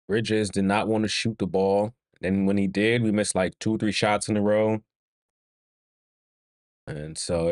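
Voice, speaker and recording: A man's voice: fairly low pitch, dry recording, clean studio sound. A man hosting a fan watch-along, calling the game play by play in a casual way, urging the players on and laughing with his chat. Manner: excitable, talks to the players and chat, laughs often. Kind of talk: casual live play-by-play commentary.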